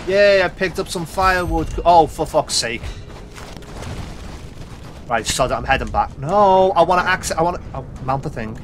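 A man's voice: a little high, lively intonation, normal speed, a little hiss or hum. Sweary exasperated man gaming. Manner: exasperated, sweary, talks to the game. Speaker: gaming YouTuber. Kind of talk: swearing gameplay commentary.

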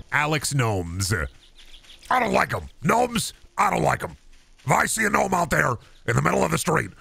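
A ranting conspiracy-show host, as a man puts him on, rambling in a raised, pushy salesman pitch. His voice is gravelly and bright, with heavy fry. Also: exaggerated voice.

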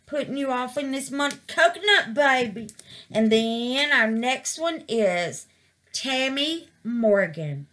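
A woman's voice: sits high, expressive, takes it slowly, fairly bright tone. A woman gushing over her resin craft in a casual vlog, calling her viewers baby and y'all.

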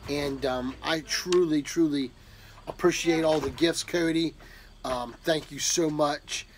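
A man on the high side of the pitch range takes things slowly as he opens a gift box of pipe tobacco and coffee. Talking casually to camera for his viewers, he lets out enthusiastic drawled exclamations, with slight background noise behind him.

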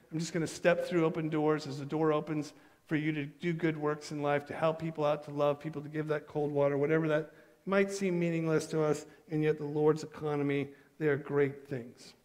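A man preaching in a church sanctuary, his fairly high voice carrying long reverb from the hall. He is animated and slips into quick acted bits of dialogue. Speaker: pastor. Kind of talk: sermon.

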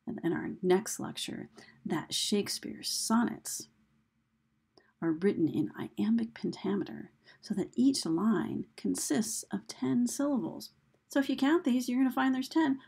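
A woman teacher delivers a recorded lecture at an unhurried, deliberate pace. Her voice has a gravelly, husky edge, and she counts out beats one by one with a few fillers along the way. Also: medium pitch, a little mellow.

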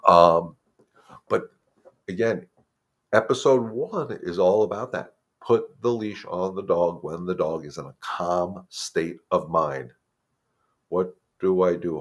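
A man's voice: sits low, moderate pace, slightly rough. A man, the head dog trainer, giving plain-spoken, emphatic advice in a casual live Q&A and often repeating words as he thinks.

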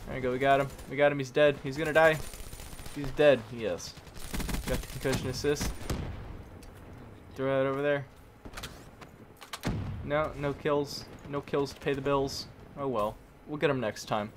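A man giving live commentary over his own gameplay, jokey and prone to sudden yelps and shouts. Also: medium pitch, fairly even intonation, normal speed, long pauses, background noise. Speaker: gaming commentator.

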